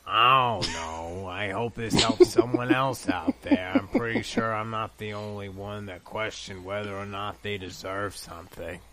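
Slow, low-voiced dry man. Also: expressive, over a noisy crowd. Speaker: podcast host. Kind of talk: comedic podcast banter, reading posts aloud.

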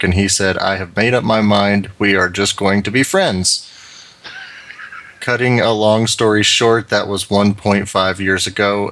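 A man's voice: on the low side, fairly bright tone, no room sound. A man co-hosting a comedy podcast, reading out a long listener letter with wry asides.

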